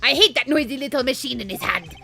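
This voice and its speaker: A woman's voice: sits high, expressive, fast talker, gravelly, music in the background. A woman doing a haughty Frenchman with a fake accent. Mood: indignant. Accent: put-on French. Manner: haughty, theatrical, loud bursts. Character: flamboyant excitable male French passenger.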